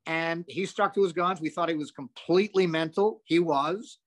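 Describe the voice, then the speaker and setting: An older male comedian spinning long, animated stories in an interview. His voice sits a bit high, and he curses freely and wanders into asides. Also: normal speed. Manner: animated, profane, rambling with asides. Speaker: comedian guest. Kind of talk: anecdotal storytelling.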